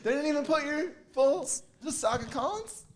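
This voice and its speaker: A man's voice: extremely high pitch, animated, normal speed, a little hiss or hum. A man hosting a live show, chuckling as he recaps an earlier moment for viewers. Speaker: podcast host. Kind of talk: casual live show chat.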